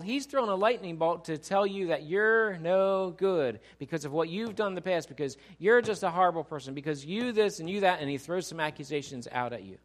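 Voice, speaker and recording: A man's voice: sits high, moderate pace. A man preaching a sermon, acting out quoted voices and leading the congregation in call-and-response. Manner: animated preacher who acts out quoted voices and asks the congregation to repeat lines. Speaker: pastor.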